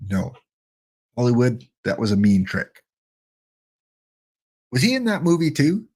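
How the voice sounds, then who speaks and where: A middle-aged man giving chatty, joking live-stream commentary while playing a baseball sim, excited and wired on coffee. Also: mid-range voice, measured pace, husky. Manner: chatty, joking, talks to chat bots.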